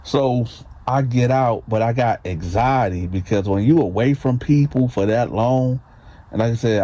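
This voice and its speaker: A man's voice: on the low side, dark tone. A man telling a story in a loose, casual way, full of fillers and tag questions, in a slightly muffled recording. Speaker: storyteller, channel host.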